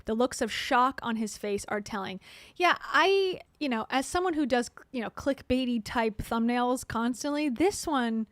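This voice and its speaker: A woman hosts casual reaction commentary in a sarcastic, chatty way, laughing often. Her voice sits a little high, and the recording is dry and close, with no room sound. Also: measured pace, no echo. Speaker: commentary channel host.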